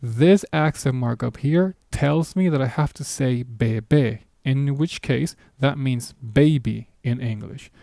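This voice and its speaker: A man teaching a beginner language lesson at a whiteboard, explaining patiently step by step and slowing down for example words. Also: medium pitch, creaky, warm tone, no echo, clean studio sound.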